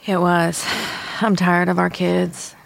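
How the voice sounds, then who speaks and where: A woman with a low, gravelly voice co-hosts a casual podcast chat, recorded dry and close. She tells stories in a laid-back way, swearing freely. She is middle-aged. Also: monotone, slow pace, no echo. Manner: laid-back, profane storyteller. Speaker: podcast co-host.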